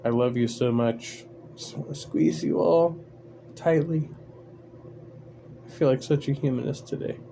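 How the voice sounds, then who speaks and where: Guy cussing and griping on his livestream, bit higher voice, faint hiss behind. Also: a little slow, gravelly, pauses often, mellow. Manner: profane, irritated, sarcastic. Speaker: livestream host. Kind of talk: casual livestream rant.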